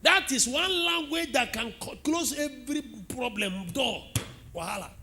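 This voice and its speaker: Nigerian pastor, middle-aged man, lively storytelling sermon, high tense voice. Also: unhurried, slight background noise. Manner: animated storytelling preacher, asks the congregation questions.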